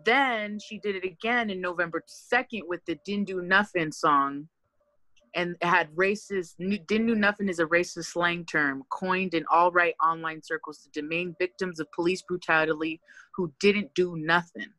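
Low-voiced woman hosting a podcast, swears a lot, super animated, dry close sound. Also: moderate pace, no room sound, low-quality recording. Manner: loud, profane and animated, swings in pitch. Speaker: podcast co-host. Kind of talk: casual podcast chat.

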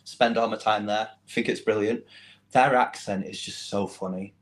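A man's voice: fairly low pitch, steady tone, moderate pace, low-quality recording. A man from England with a Mancunian accent, talking casually as an interview guest. He is chatty and self-deprecating, and he laughs often.

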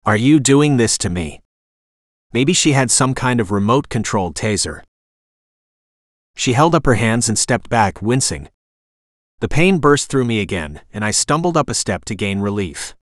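A man reads a first-person audiobook in a wry, expressive way. His pitch sits mid-range but moves a lot. The recording is dry, with no room sound. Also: moderate pace, dry recording. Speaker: audiobook narrator.

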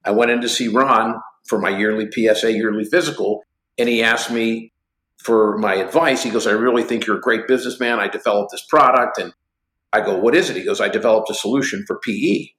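A man in his sixties tells stories with gusto, playing out both sides of every exchange. His voice is bright and forward, and the sound rings in an echoey room. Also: lowish voice, fairly quick. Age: 60s. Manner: lively anecdotes acting out both sides of conversations. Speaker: guest, company executive. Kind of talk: animated storytelling interview.

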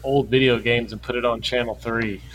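A man's voice: medium pitch, fairly even intonation, moderate pace, crowd noise, poor audio. A man in casual podcast chat, teasing a friend and explaining things in a dry way. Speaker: podcast co-host.

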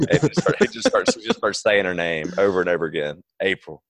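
A young man with an extremely low, deep voice chats easily as a podcast co-host, recapping favorite scenes. His delivery is relaxed and conversational. The recording is dry and close. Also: a little fast, no room sound. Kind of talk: casual chat.

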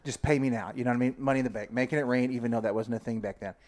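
A man's voice: medium pitch, rapid-fire. A man hosting a podcast, telling stories in casual chat and acting out his own past lines. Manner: animated, mimics himself in anecdotes. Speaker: podcast host.

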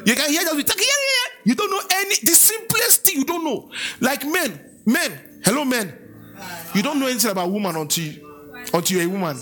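Man, Nigerian accent, pastor, church sermon, bright forceful voice, faint music behind. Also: extremely high pitch, brisk. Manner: lively, preaching with asides, chanted scripture and mimicry.

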